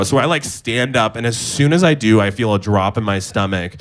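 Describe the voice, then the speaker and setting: A young man from Indonesia doing a stand-up comedy set, telling stories in an animated way with lots of filler words. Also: mid-range voice, brisk, few pauses. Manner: animated storytelling, many filler words, laughs at own jokes.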